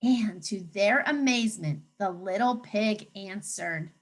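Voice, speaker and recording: A woman teacher reading a picture book aloud to children, animated and coaxing, pausing to ask them questions. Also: medium pitch.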